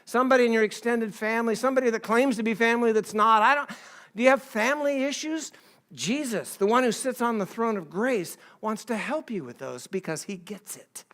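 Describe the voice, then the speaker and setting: Middle-aged male pastor, higher voice, conversational sermon, acts out quotes. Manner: conversational, acts out quoted voices, swings between soft and emphatic.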